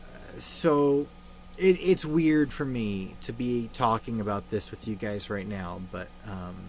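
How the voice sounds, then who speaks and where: A young man hosting a livestream, talking in a halting, subdued way with many fillers and restarts, grieving and somber. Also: fairly low pitch, a little mellow, a little hiss or hum. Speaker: livestream host. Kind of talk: casual livestream chat.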